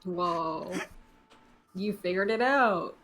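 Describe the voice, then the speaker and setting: Slow-talking teasing woman. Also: on the low side, a bit bright, slight background noise. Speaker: co-host off to the side. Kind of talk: casual chat.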